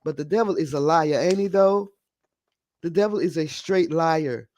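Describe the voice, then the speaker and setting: A man with a fairly high voice hosts a casual live stream, chatting to viewers. He rambles a bit and sounds scattered as he works on his setup. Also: normal speed, a little mellow. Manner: scattered and chatty, talking to viewers while fixing audio. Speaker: live stream podcast host.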